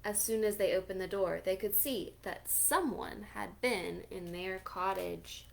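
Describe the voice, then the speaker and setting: A woman librarian reading a picture book aloud for children at storytime, animated, gasping and asking listeners questions. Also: mid-range voice, measured pace, creaky, few pauses.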